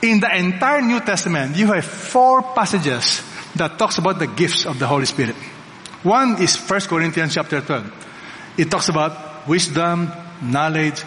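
Emphatic pastor preaching in a reverberant hall. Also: male voice, fairly high pitch, lively intonation, normal speed, fairly bright tone, a little hiss or hum. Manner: emphatic, rhetorical questions to the congregation. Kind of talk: sermon. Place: large church hall. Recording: long reverb of a large hall.

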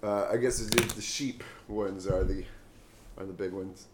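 A man's voice: deep voice, steady tone, a little slow, very noisy. A man co-hosting a podcast, trading crude jokes and laughing often. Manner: joking, laughing often, mocking voices. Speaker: podcast co-host. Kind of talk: crude casual banter.

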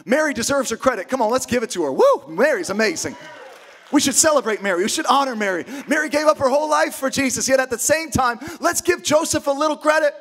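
Pastor preaching: high-voiced man, emphatic, rallying the room with questions. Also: fast talker. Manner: emphatic, energetic, rhetorical questions. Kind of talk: sermon.

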